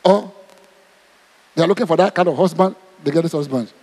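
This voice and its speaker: A man's voice: fairly high pitch, a little fast, slightly rough. A man with a Nigerian accent preaching a sermon, asking his congregation question after question. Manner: animated, asks the crowd questions. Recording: long hall reverb.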